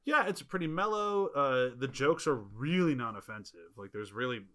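A man in his thirties with a bright, forceful tone and a middle pitch, talking casually on a podcast. He is sarcastic and blunt, and he swears freely. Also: animated, moderate pace. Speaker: podcast co-host. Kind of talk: casual movie review chat.

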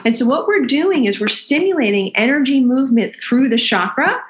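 A woman with a fairly high voice leads a chakra tapping exercise. She speaks gently and instructively, pausing to check in with "okay?" as she goes. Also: lively intonation. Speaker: energy healer guiding an exercise. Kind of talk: guided chakra tapping session.

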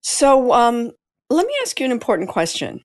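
A woman's voice: fairly high pitch, sing-song, normal speed, no echo, studio quality. Playful, laughing woman podcast co-host. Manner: playful, laughs often, teasing. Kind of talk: casual chat.

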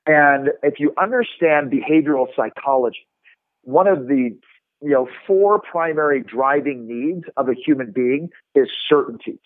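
A man coaching sales technique in an animated, instructive way, demonstrating tones with his own voice, heard over a remote line. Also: medium pitch, dry recording. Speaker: sales trainer. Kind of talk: instructive podcast talk. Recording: tinny phone-like line.

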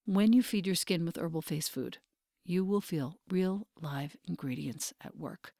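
A woman hosting a podcast, reading in a soft, earnest way with breathy, near-whispered phrases. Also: on the low side, measured pace, no room sound, clean studio sound. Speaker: podcast host. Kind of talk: podcast host read and guest introduction.

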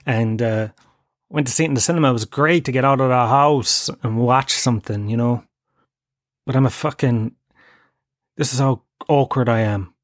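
A man's voice: medium pitch, moderate pace, dry recording, studio quality. A Kerry Irish man in his thirties, hosting a podcast with a rambling, sweary comic monologue. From Ireland (Tralee, Kerry). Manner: rambling, sweary, laughing at his own jokes. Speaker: podcast host.

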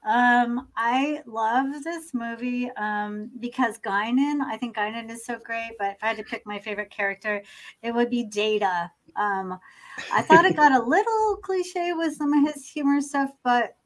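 A woman chatting as a guest on a podcast, enthusiastic and quick to laugh. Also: a little high. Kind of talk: casual chat.

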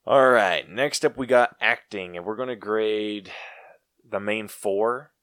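A man with a fairly low voice chats casually on a podcast, giving blunt opinions and laughing easily. The sound is dry and close, with no room around it. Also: slow pace, a bit bright, no echo. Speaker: podcast co-host. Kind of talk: casual movie review chat.

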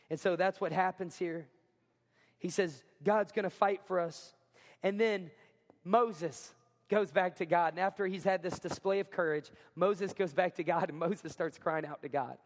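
A man preaching a sermon as pastor, talking conversationally, often asking the congregation questions and acting out quotes. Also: high voice. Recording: hall reverb.

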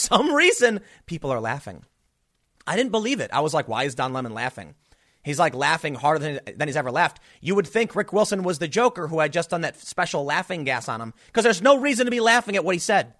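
Man, political commentary, sarcastic and mocking, slightly high voice. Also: a bit bright.

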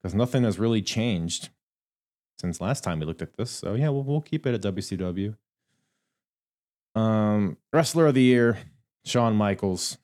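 Deep-voiced man rambling through a podcast. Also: lively intonation, measured pace, pauses often, darkish tone. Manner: rambling, thinks aloud with fillers and restarts. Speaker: podcast host. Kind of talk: casual solo podcast commentary.

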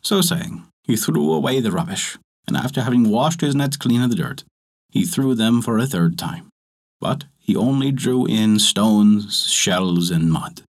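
A man narrating a folk tale with an expressive storytelling cadence. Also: fairly low pitch, a little slow.

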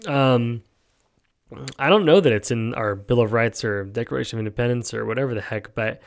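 A creaky, medium-pitched male voice moves a little fast as this US podcast host rambles on about his opinions. Fillers pile up, and he habitually tosses in "right?".

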